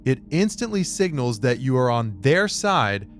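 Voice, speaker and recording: Man narrating with a lively, expressive lilt. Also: medium pitch, unhurried, faint music behind. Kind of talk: scripted self-help narration.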